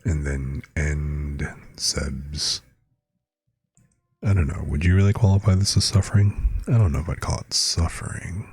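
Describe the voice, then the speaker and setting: A man's voice: sits low, fast talker, few pauses, darkish tone, breathy edge, no room sound. A man streaming live, chatting casually with viewers and reading out words with their definitions.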